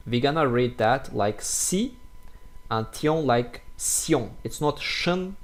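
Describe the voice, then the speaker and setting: A man with a French accent teaching French pronunciation in English, slowly repeating each example word with many hesitant fillers. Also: medium pitch. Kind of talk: casual pronunciation lesson.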